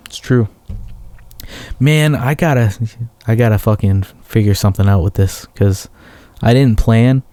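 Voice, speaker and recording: Mellow-voiced man, profane, rambling. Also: medium pitch, no echo. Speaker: podcast host. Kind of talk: casual solo storytelling.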